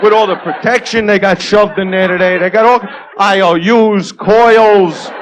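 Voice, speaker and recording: A man's voice: high voice, steady tone, normal speed, a little hiss or hum, rough recording. A man doing a crude, swaggering stand-up routine who keeps asking the crowd "right?", heard on an old 1980s TV tape. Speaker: stand-up comedian. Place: comedy club stage.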